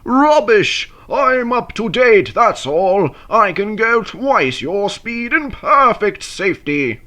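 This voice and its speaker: A man's voice: high voice, big pitch swings, slow pace, pushed and bright, pitched above the performer's own voice, full character voice. A man reading a storybook aloud, voicing a boastful, reckless young male steam engine in a scornful, bragging tone.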